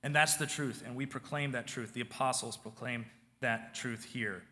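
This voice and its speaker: A man preaching a sermon in a conversational style, moving from loud emphasis to hushed, quiet lines. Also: medium pitch. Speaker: pastor. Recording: long hall reverb.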